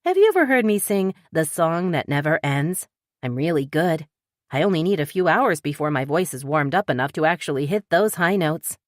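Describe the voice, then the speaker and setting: A woman narrator voicing a wisecracking young woman bookstore owner, eager, pleading and quick to joke. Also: low voice, lively intonation, dry recording, clean studio sound.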